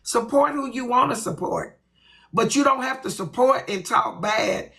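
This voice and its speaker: A woman's voice: fairly high pitch, measured pace, vocal fry, fairly bright tone, rough recording. A woman hosting her own livestream, ranting bluntly and with lots of profanity. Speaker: livestream host. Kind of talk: ranting live stream.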